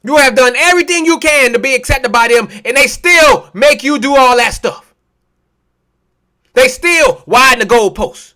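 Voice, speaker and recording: A male preacher with a very high, bright voice delivers a sermon full of rhetorical questions and biting mockery. He is impassioned and scornful, often dropping into a low, quiet aside. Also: lively intonation, moderate pace. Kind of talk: sermon with scripture reading.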